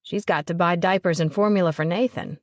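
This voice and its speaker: A woman narrator voicing a blunt, motherly middle-aged waitress with a deep smoker's voice. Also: a little fast, dry recording, studio quality, lightly acted. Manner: blunt, motherly, calls people hun and kiddo. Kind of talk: audiobook character voice.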